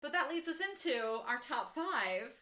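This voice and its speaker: Bright-voiced young woman chatting in a roomy space. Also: high voice, very animated, unhurried. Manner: chatty, laughs often, swears casually. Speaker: podcast co-host. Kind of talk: casual book discussion. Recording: roomy echo.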